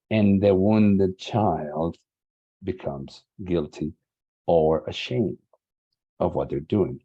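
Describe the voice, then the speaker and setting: Deep husky man from Latin America. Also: slow pace, mellow, lo-fi sound. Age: 40s. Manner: earnest, emphatic, repeats key words. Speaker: summit speaker. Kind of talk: motivational talk.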